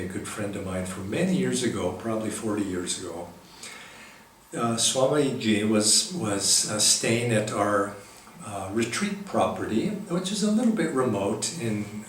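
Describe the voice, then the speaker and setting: A man gives a spiritual talk, easing through a story in a gentle, halting way with many pauses. His voice carries from a distance through a very echoey hall, with a faint hum of room ambience behind him. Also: on the low side. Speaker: spiritual teacher.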